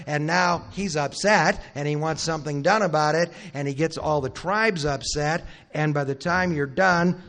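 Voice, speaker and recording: A man preaching a teaching sermon, retelling a Bible story in a conversational way, acting out the characters' lines and adding wry asides to the audience. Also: fairly high pitch. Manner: asks the audience questions and adds wry asides. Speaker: Bible conference speaker.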